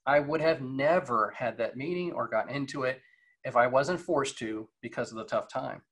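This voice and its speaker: A man in his forties, a guest speaker on leadership, gives a casual motivational talk over a video call. His voice is medium-pitched and fairly bright at a moderate pace, conversational and full of fillers and rhetorical questions.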